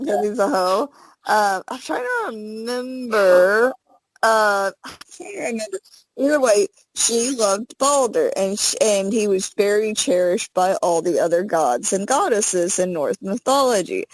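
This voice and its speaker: A woman co-hosting a fan podcast, chatting casually with plenty of fillers and pausing to search for words. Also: mid-range voice, animated, no echo, poor audio. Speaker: podcast co-host.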